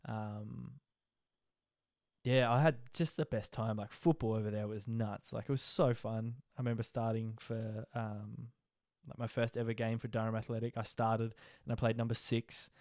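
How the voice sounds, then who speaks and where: A man's voice: on the low side, flat delivery, moderate pace, a little mellow, no room sound, studio quality. A young Australian man casually telling his life story as a podcast host, in a rambling, laid-back way. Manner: rambling, laid-back, frequent fillers and laughs.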